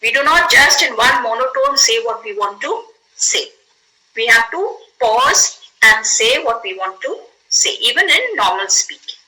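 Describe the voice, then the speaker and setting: A woman's voice: fairly high pitch, lively intonation, a little slow, bright, forceful tone, low-quality recording. A woman teaching an English grammar lesson in a classroom, explaining patiently, acting out example exclamations and checking in with "okay?".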